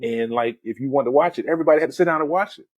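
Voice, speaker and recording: A man in his forties, a podcast host, retelling a film in a loose, animated way, full of "man" and "you know". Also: mid-range voice, rapid-fire, dry recording. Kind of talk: casual movie discussion.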